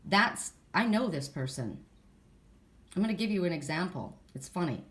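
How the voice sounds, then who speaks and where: A middle-aged woman giving a casual oracle card reading, chatty and animated, telling stories and laughing as she talks. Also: on the low side, normal speed.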